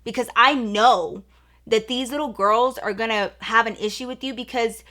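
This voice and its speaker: A woman's voice: on the high side, normal speed, pushed and bright. A young woman vlogger telling a personal story in casual chat, full of fillers and acting out what others said. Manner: chatty, many "like" fillers, acts out quoted lines.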